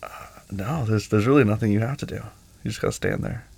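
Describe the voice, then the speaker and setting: A young man in a one-sided boyfriend role-play, talking to the listener in a gentle, teasing, affectionate way. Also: lowish voice, quick pace, creaky, husky.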